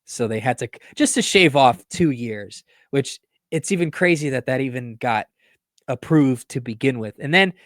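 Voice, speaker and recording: Animated, lively podcast host man. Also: mid-range voice, no echo, clean studio sound. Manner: animated, laughs often, quick asides. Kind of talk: casual chat.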